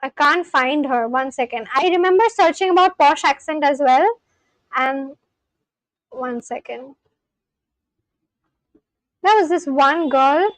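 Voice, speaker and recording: A woman's voice: high-pitched, slow pace, pauses often, no echo, rough recording. A woman casually rambling on a livestream, reading out viewer comments and answering them. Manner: rambling, reads chat aloud and answers it. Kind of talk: casual live-stream chat.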